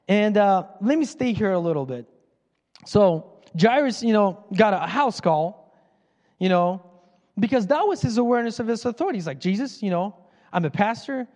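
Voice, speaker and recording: Man preacher with a high voice, lively and conversational, long church-hall reverb. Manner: animated, acts out Bible characters in quick voices. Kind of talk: sermon.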